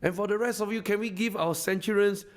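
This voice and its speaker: A man's voice: high voice, fast. A man with a Singaporean English accent, a company founder giving an effusive, repetitive live stage speech that rallies the crowd. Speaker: company founder addressing a masterclass audience.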